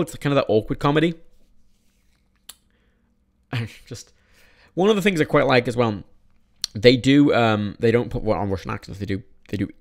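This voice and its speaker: A man's voice: on the low side, vocal fry. A young man casually reviewing films in a vlog, rambling with many restarts and frequent swearing. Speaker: film reviewer.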